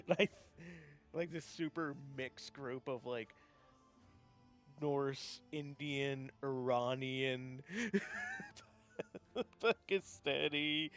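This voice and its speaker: A man chatting casually on a live gaming stream, rambling with lots of fillers and restarts, laughing often and getting excited. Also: medium pitch, slow, smooth. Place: home setup, gaming stream.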